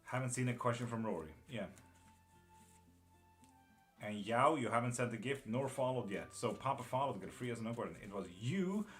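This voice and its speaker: A man's voice: mid-range voice, animated, fairly quick, fairly bright tone, soft background music. A man reading tarot live, chatting casually and bluntly with viewers, calling them by name and swearing now and then. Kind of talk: casual live-stream chat.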